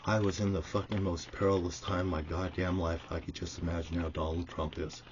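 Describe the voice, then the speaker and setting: A low-voiced vlogger rants at the camera with constant swearing, though his delivery is flat and a little fast. The recording is dull lo-fi with slight background noise.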